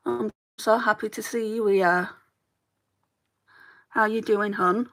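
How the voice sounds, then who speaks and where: A woman's voice: mid-range voice, fairly even intonation, takes it slowly, long pauses, fairly bright tone. A woman from England with a Northwest English accent, chatting on a beauty livestream while doing her makeup and answering viewers' comments. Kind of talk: chatty get-ready-with-me livestream.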